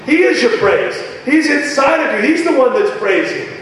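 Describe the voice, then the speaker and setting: A male preacher with a strikingly high voice delivers an emphatic, animated sermon. He is heard from far off in a large hall with long, heavy reverb. Faint ambient noise sits underneath. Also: normal speed.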